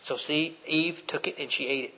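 A man preaching a sermon, retelling Bible scenes in a folksy storytelling way that swings from loud to hushed. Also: fairly high pitch, fairly even intonation, normal speed, dull audio.

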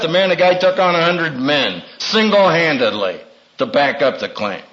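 Male preacher, high and bright, slow and dramatic, on a dull lo-fi recording. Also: animated. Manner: dramatic, acts out quotes with big pitch swings. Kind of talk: sermon.

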